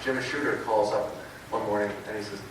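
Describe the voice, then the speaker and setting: An older man telling lively anecdotes at a convention panel and acting out the people he quotes. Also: lowish voice, a little fast. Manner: lively storyteller, acts out quoted voices. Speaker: comic book writer, panel guest. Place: large convention panel room. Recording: echoey hall recorded from far off, with noise.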